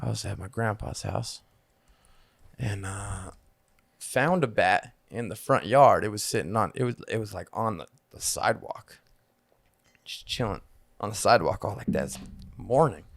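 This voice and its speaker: A man's voice: lowish voice, lively intonation, moderate pace, vocal fry, long pauses, dry recording. A man co-hosting a podcast, telling a rambling, profane story in casual chat. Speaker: podcast co-host.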